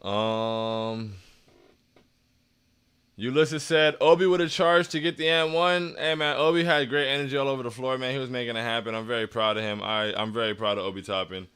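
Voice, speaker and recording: Sounding deflated after a loss, a man reads through chat during his postgame livestream, frequently starting his sentences over. His medium-pitched voice moves at normal speed with a fairly bright, clear, resonant tone.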